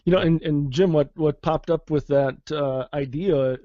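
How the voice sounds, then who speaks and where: A man's voice: fairly high pitch, normal speed, no room sound, dull audio. A man co-hosting a casual tech podcast, hesitant and often restarting his sentences. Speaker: podcast co-host.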